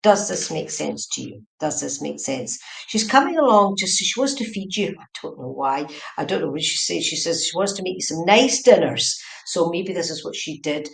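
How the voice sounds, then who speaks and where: Woman medium, low-ish voice, chatty repetitive live reading, echoey home room. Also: lively intonation, moderate pace, vocal fry, few pauses. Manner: repetitive, chatty, keeps checking "does this make sense". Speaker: psychic medium. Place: indoors at home, room with a heater.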